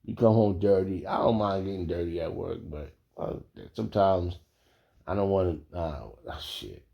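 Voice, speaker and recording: A man telling a casual story, animated and profane, laughing often. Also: low voice, normal speed, gravelly, dull audio.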